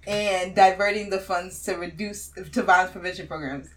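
A woman's voice: fairly low pitch, steady tone, normal speed, recorded from a distance. A young woman co-hosting a casual political chat, laughing often and talking with lots of fillers. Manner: loose, laughing, filler-heavy talk. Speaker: podcast co-host.

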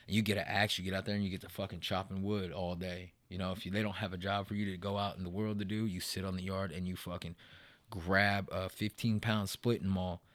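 A man's voice: deep voice, little pitch movement, a little fast, fairly bright tone, no echo. A man in a casual interview, telling his own story in a profane, rambling way, full of "man" and "bro".

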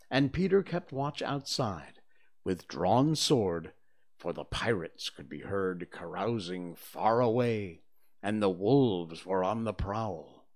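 A man reading a children's book aloud chapter by chapter, giving it expressive storybook narration. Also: lowish voice. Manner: unhurried and expressive. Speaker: reader of a serialized book.

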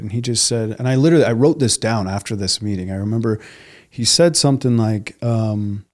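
A man's voice: lowish voice, a little fast. A man who works as a bodywork therapist, a guest on a podcast, speaking earnestly and eagerly with many restarts and fillers. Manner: earnest and enthusiastic, frequent restarts and "um", "like". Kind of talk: casual conversational interview.

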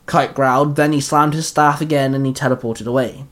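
A man's voice: medium pitch, fairly even intonation, brisk, few pauses, fairly bright tone. A man reading a fan fiction story aloud and hosting the channel, enthusiastic when recommending other creators.

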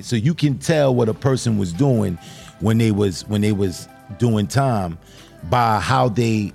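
A man's voice: fairly low pitch, vocal fry, darkish tone, husky. A man hosting a show, chatting earnestly and encouragingly with a guest, often repeating himself as he speaks. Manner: repetitive, earnest, encouraging, addresses guest as brother. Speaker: show host. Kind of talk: casual interview chat.

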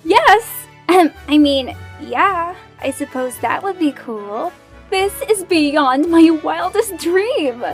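A woman voicing an excited teenage girl, gushing and bubbly, in an animated story with soft music behind. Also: high voice, slow, exaggerated voice. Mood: giddy. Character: excited teenage girl Ashley, giddy and starstruck.

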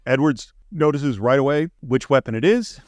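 A man's voice: mid-range voice, lively intonation, normal speed, darkish tone, soft background music. A man co-hosting a casual podcast, retelling film scenes with enthusiasm. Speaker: podcast co-host.

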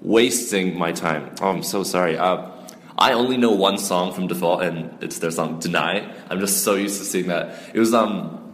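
A man hosting a casual music podcast, chatty and quick to exclaim in surprise. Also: low voice, roomy sound, long reverb tail. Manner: excitable, quick to gasp and exclaim. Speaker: podcast host.

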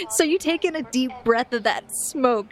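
A woman's voice: high-pitched, a bit bright. Brief: woman game master, playful, descriptive scene narration.

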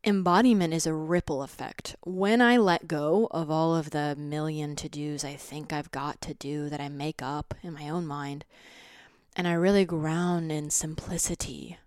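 A young adult woman hosting a solo podcast, talking slowly and steadily, at times sinking into soft half-whispers. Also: sits low, steady tone, clear, resonant tone, dry recording, studio quality. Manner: slow, grounded, drifting into soft half-whispers. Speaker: podcast host. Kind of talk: reflective solo podcast talk.

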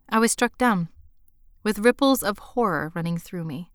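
A woman's voice: mid-range voice, expressive, moderate pace, dry recording, studio quality. A woman narrating her own memoir in a subdued, intimate way. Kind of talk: first-person memoir narration.

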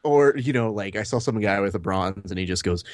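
A man co-hosting a podcast, telling animated stories and swearing casually. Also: on the low side, fairly quick, dry recording, clean studio sound. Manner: animated storyteller, acts out quotes, swears. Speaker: podcast co-host.

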